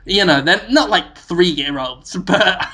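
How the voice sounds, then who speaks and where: A man's voice: high voice, expressive, takes it slowly, pushed and bright. A man co-hosting a podcast, telling silly playful stories with lots of laughter. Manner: playful, silly, giggly storyteller. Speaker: podcast co-host. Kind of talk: casual chat.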